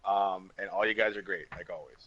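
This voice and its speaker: Soft-spoken man over a dull call line. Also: low-pitched, brisk, no echo. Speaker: podcast guest. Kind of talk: casual podcast chat.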